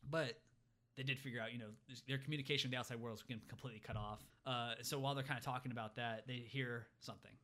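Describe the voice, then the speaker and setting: Man, podcast co-host, casual animated recap, fast talker, bright voice. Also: mid-range voice. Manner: animated storytelling, many fillers. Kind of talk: casual movie recap chat.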